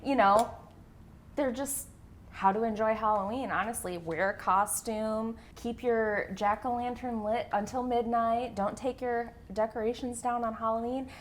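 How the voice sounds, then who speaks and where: A woman's voice: a little high, fairly even intonation, unhurried, a little hiss or hum. Chatty enthusiastic woman podcaster. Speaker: podcast co-host. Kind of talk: casual film discussion.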